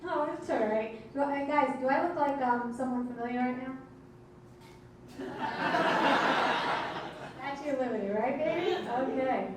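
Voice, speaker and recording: A brash, high-pitched woman hosts a comedy night and needles the crowd between jokes. Her voice carries from a distance through a very echoey club room. Background noise hangs under everything. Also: normal speed. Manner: brash, teasing the crowd, hyping the audience. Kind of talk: stand-up comedy hosting.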